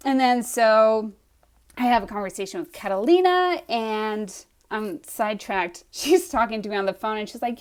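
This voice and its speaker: A young woman with a slightly higher-than-average voice tells a personal story straight to camera. She is animated and chatty, and keeps slipping into acted-out versions of her own reactions. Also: normal speed, clear, resonant tone. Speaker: aspiring author telling her story.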